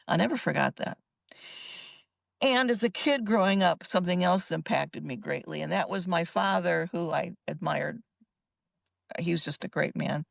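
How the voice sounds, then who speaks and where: A woman's voice: lowish voice, measured pace, gravelly, no echo. An older woman, a psychologist, telling her own story in an interview in an emphatic, earnest way. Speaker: guest psychologist.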